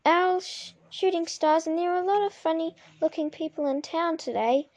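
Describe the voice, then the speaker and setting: A woman's voice: very high voice, moderate pace, darkish tone, voice pushed up. A woman voicing a nervous, fussy middle-aged man who stammers and hesitates.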